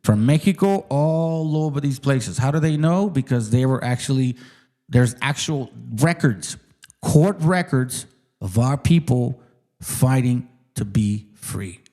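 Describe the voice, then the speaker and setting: A man hosts his own channel in a heated, casual rant. His voice is dark and mellow at a middle pitch. He sounds profane and combative, and he hammers his points home by repeating words. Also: animated, a little slow. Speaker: channel host.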